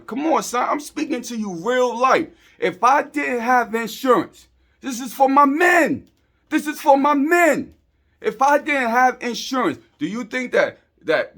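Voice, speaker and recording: A man's voice: high voice, a bit bright. A middle-aged man hosting his own show, talking casually to camera in an emphatic, repetitive way with street slang. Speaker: show host.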